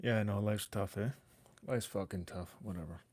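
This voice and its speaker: Low-voiced guy hosting a home podcast, loose and profane, dry close mic. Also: normal speed, a little mellow, no echo. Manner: rambling, swears freely, talks to chat. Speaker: podcast host. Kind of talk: casual solo livestream chat. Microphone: desk microphone.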